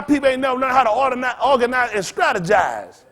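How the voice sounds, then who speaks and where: Man, pastor, high voice, blunt and profane, rambling sermon, call-and-response. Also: expressive, fast talker, sharp tone. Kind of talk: informal preaching to a congregation.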